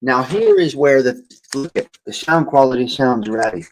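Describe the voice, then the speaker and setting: A man hosts a casual morning livestream, reading viewer comments and wisecracking with people by name, his voice a little off after a long night. Mid-range and expressive at a moderate pace, he talks into a cheap handheld mic that moves near and far, leaving a rough recording with a little hiss or hum.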